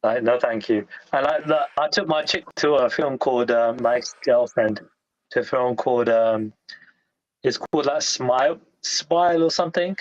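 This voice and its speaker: Excitable, sweary man on a dull line. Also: medium pitch, normal speed. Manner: enthusiastic, sweary, laughs easily. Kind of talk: casual chat. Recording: dull lo-fi sound.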